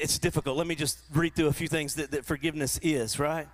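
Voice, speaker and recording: A man preaching a sermon to his church, often repeating and restarting words, and rising into animated quoted voices. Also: fairly high pitch, fast talker. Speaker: pastor. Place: church in front of a congregation.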